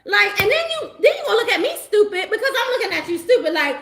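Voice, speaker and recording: Animated laughing woman tarot reader. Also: extremely high pitch, brisk, echoey room. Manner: animated, laughing, slangy and emphatic. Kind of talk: casual livestream chat.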